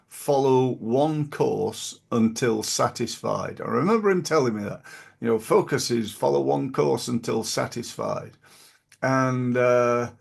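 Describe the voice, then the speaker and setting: A man's voice: mid-range voice, gravelly, slightly rough. A middle-aged man hosting a podcast, talking through business advice in a rambling, casual way with many fillers and restarts. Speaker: podcast host.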